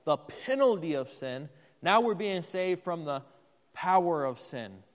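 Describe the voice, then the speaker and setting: A man's voice: fairly high pitch, lively intonation, unhurried. A man preaching a sermon in a church, talking conversationally and putting questions to the congregation. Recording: long hall reverb.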